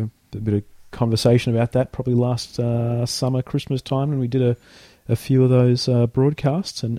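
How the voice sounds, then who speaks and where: Cheerful Australian man, mellow voice. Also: mid-range voice, no echo. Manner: cheerful, easygoing banter. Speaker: co-host. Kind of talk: casual chat.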